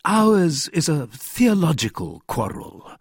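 A man's voice: on the high side, wildly swooping pitch, slow, breathy edge, no room sound, clean studio sound, pitched above the performer's own voice, heavily acted. A man voicing a refined, sly male musketeer in an audiobook, speaking lightly and knowingly.

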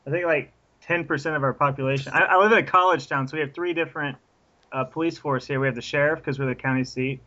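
A man's voice: fairly high pitch, steady tone, fast talker, pushed and bright, muffled recording. A man co-hosting a podcast in casual chat over an internet call, laughing easily and good-humored. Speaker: podcast co-host.

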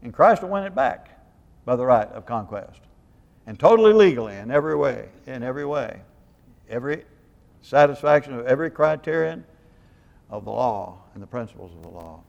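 Gravelly-voiced preacher in a reverberant hall. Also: male voice, mid-range voice, expressive, fairly quick, highs cut off. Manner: rambling, searching for words, quizzing the congregation. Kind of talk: sermon. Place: church hall.

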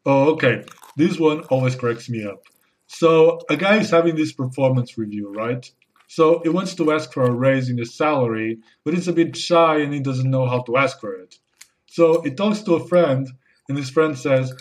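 A man acting in a comedy sketch, talking about family life in chirpy corporate jargon and telling a joke with lively put-on voices. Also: medium pitch, moderate pace. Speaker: sketch actor playing a corporate-speak husband.

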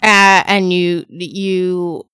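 A woman's voice: on the low side, fairly even intonation, extremely slow, sharp tone, clear, resonant tone, no room sound. A woman co-hosting a casual podcast chat, opinionated and full of fillers. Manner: conversational, opinionated, filler-heavy. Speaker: podcast co-host.

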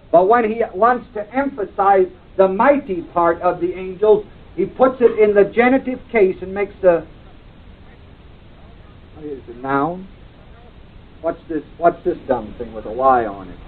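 A man with a high, husky voice leads a Bible class, reading verses out loud before putting questions to the class. It comes from a tinny old tape.

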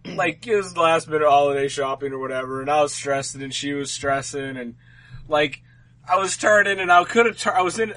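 A man's voice: on the high side, pushed and bright, low-quality recording. A man co-hosting a podcast, telling a rambling, profane, self-mocking story in casual chat. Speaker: podcast co-host.

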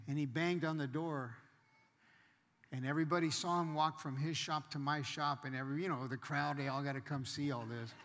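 Brief: male preacher, bright forceful voice, animated sermon story, long hall reverb. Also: fairly high pitch, fairly quick, soft background music. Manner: animated storytelling, laughing, acting out other voices. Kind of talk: sermon testimony. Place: church.

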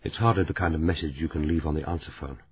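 A brittle, sardonic middle-aged woman makes cutting remarks, voiced by a male narrator. The voice stays low and husky. The sound is narrow and phone-like. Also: fast, no room sound, full character voice. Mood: dry, cutting. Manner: dry and cutting.

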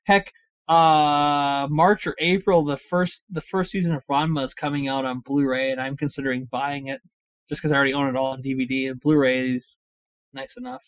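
A podcast co-host in casual chat, talking excitedly and often stumbling over and restarting words. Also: mid-range voice, normal speed, dry recording, dull audio.

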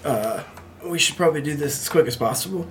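A man's voice: on the high side, expressive, fast talker, a bit bright, distant mic, slight background noise. A man playing a tabletop game, joking and taking charge in planning. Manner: joking, bossy in-character planning. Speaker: player. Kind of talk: casual tabletop play.

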